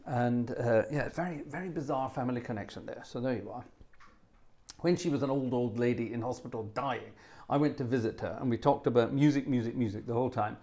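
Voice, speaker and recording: A middle-aged man chats casually to his live-stream viewers between pieces. He rambles from story to story with jokey asides, in a medium-pitched voice. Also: a little fast, dark tone. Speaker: organist and livestream host.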